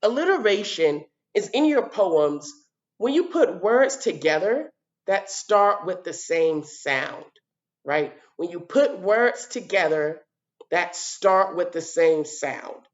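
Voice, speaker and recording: A woman teaching a children's video lesson, sounding out letters and repeating words slowly at a whiteboard. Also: on the low side, expressive, muffled recording.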